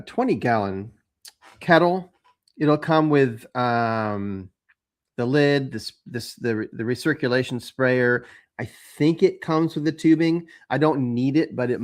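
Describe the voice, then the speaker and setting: A man with a mid-pitched voice talks casually to his viewers. He rambles along, stopping often for ums and uhs and starting his sentences over. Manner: rambling, with many fillers and restarts. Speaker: homebrewing channel host. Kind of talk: casual chat to camera.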